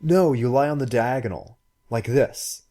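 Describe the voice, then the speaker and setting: A man reading a story aloud and voicing a brisk, forthright young woman who speaks quickly and emphatically. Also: mid-range voice, warm tone, pitched above the performer's own voice, lightly acted. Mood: instructive. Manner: quick, emphatic and sometimes scornful.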